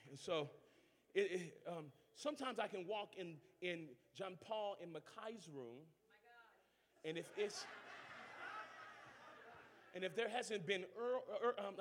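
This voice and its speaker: A man from New Orleans with a New Orleans accent, preaching a sermon. He shouts and uses call-and-response, with jokes between points. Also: fairly high pitch. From New Orleans, Louisiana. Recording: long reverb of a large hall.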